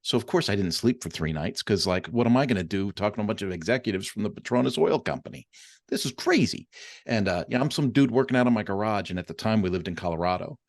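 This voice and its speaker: Lively storytelling man, low and dry. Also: fast talker, few pauses, dry recording. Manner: animated storyteller with many fillers. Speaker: podcast host. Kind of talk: casual interview chat.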